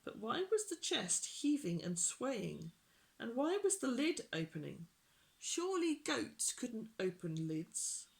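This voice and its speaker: Gentle, unhurried storybook reader. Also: medium pitch, sing-song, vocal fry. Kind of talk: children's storybook reading.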